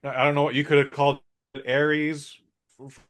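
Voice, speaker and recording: A man's voice: a little high, little pitch movement, fairly quick. A man co-hosting a podcast, giving a blunt, rambling and opinionated movie review in a casual chat. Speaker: podcast co-host.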